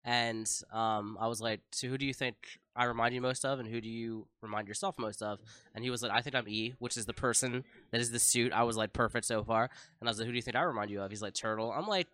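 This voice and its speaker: A man's voice: mid-range voice, fairly even intonation, fast talker, pushed and bright, smooth, no room sound. Laughing man telling stories. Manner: storytelling, laughing often. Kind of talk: casual chat.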